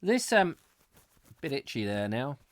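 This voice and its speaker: A man's voice: mid-range voice, sing-song, unhurried, slight background noise. A man hosting a live comic chat show, rambling and joking at his own expense. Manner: jokey, rambling, self-mocking. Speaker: host.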